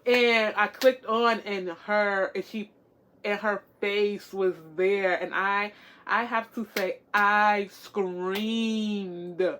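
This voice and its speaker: A woman chats to her camera as a tarot reader, her voice sitting at a middling pitch. She talks in an encouraging, rambling way, repeating herself and leaning on fillers. A faint hiss runs underneath. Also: steady tone, slow pace, a bit bright. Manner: encouraging, repetitive, chatty with many fillers. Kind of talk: casual chat to camera.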